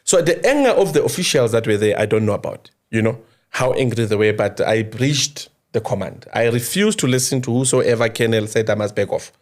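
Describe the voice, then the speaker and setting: Animated man telling a story. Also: on the low side, a little fast. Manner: animated, informal, slangy, apologetic asides. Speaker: interviewee, former crime intelligence source. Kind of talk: casual spoken storytelling.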